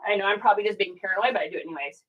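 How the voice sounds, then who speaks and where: A woman's voice: mid-range voice, racing, lo-fi sound, a little hiss or hum. A middle-aged woman chatting casually on a live stream while packing orders, laughing often and reading viewer comments aloud. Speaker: reseller hosting a live stream.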